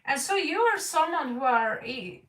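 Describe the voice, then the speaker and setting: A woman's voice: sits high, expressive, moderate pace, a bit bright, reverberant, far from the mic, rough recording. A woman doing an online tarot reading in a rambling, frank way. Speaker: tarot reader.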